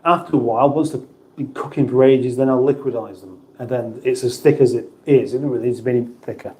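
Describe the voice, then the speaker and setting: Reading out viewer comments on his laid-back livestream, this middle-aged UK host rambles, restarts and banters. His mid-range voice is steady and dark-toned, and he talks fast.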